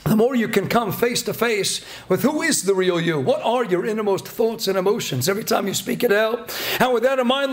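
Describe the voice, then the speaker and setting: A man giving a Torah talk as a rabbi, emphatic and repetitive, with bursts of loud emphasis. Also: extremely high pitch.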